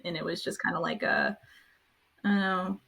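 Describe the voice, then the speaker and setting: A woman's voice: lowish voice, huge pitch swings, normal speed, vocal fry, fairly bright tone, slightly rough. A young woman co-hosting a podcast, chatting casually and hesitantly, searching for words. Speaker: podcast co-host. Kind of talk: casual chat.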